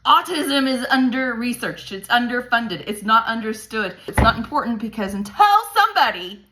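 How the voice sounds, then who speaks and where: A parent vlogger in her thirties vents candidly to camera about her hard days as a parent, swearing often and cracking dark jokes while sounding worn out. Her voice is a little high and animated at a normal pace, with a noisy background.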